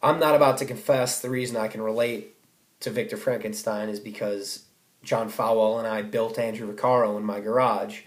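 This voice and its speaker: A man's voice: on the low side, fairly even intonation, normal speed, echoey room. A teenage boy reading out a comic personal essay for school, wry and self-mocking, with sudden outbursts. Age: teens. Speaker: student giving a speech.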